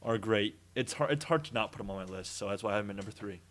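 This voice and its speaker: Brief: young male co-host, bright tone, chatty and eager. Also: fairly low pitch, very fast, a little hiss or hum. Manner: enthusiastic, chatty. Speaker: podcast co-host. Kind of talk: casual chat.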